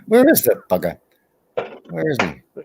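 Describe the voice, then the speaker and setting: A man's voice: mid-range voice, wildly swooping pitch, measured pace, creaky, noisy background. A man, chatting casually on a group stream, protesting and laughing as he tells rambling stories. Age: 40s. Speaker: regular on a livestream chat.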